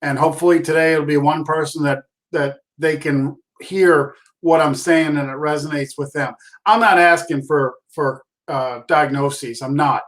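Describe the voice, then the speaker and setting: A middle-aged man with a fairly high voice speaks as an interview guest. He tells stories in an animated, self-deprecating way, restarting his sentences often. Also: normal speed, hardly any pauses. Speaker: podcast guest, concussion awareness speaker. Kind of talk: casual interview storytelling.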